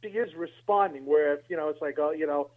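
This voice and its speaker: A man's voice: a little high, brisk. A man co-hosting a podcast, talking in a rambling way full of "you know", over a tinny, phone-like line. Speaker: podcast co-host. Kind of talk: casual chat.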